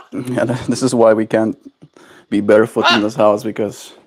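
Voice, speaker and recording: A man's voice: lowish voice, huge pitch swings, a little slow, heavy background noise. Man cooing baby talk to a pet bird. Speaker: streamer. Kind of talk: casual chat with a pet bird.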